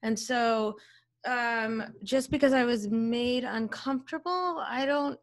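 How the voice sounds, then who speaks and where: A woman's voice: a little high, slow pace. A woman podcast host and psychologist talking candidly in casual conversation, swearing freely, with many fillers.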